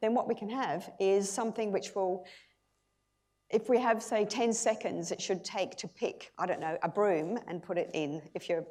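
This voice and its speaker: Chatty Australian woman giving a keynote. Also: medium pitch. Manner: lively, chatty, laughs often, many restarts. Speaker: keynote speaker. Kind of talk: conference keynote talk. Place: conference hall.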